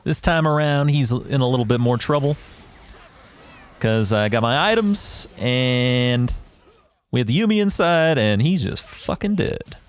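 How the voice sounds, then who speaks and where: A man's voice: medium pitch, animated, unhurried, clear, resonant tone. A man giving casual commentary over a replay of his own game, explaining his decisions and swearing freely. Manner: profane, ranting, self-assured; analytical, talks through his decisions. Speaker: gaming YouTuber reviewing his own match.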